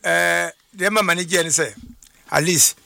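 Coach guest, high gravelly voice, bright and animated, dry close sound. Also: male voice, normal speed, no echo. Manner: animated storytelling, repeats "What I say?". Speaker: football coach, studio guest. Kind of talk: casual sports talk.

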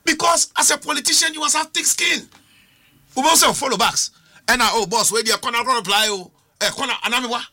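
A man's voice: very high voice, a little fast, sharp tone. A man with a Ghanaian accent, a political commentator on a studio panel, arguing with rhetorical questions and switching between English and Twi.

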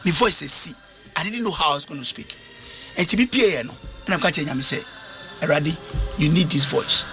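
A man's voice: fairly high pitch, a little fast, pushed and bright, faint music behind. A man preaching a sermon, emphatic, switching languages and repeating phrases. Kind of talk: sermon with interpreter.

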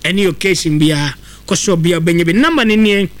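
A man co-hosting a radio show, chatting briskly and reading an advert. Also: high-pitched. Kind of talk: radio chat and live ad reading.

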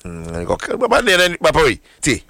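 Animated Ghanaian man talking football. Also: mid-range voice, brisk, creaky, slight background noise. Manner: animated, jumps between Twi and English. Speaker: sports show host. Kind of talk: casual sports chat.

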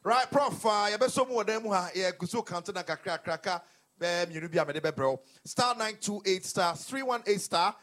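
A man's voice: high voice, expressive, moderate pace, fairly bright tone. A man with a Ghanaian accent hosting a quiz show, mixing English with Twi. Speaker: host.

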